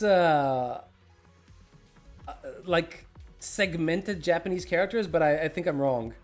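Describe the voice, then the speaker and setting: Chatty man streaming, slightly high voice. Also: takes it slowly, pauses often, faint music behind. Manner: chatty, greets viewers by name; talks while snacking. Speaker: game streamer. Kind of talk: casual livestream chat.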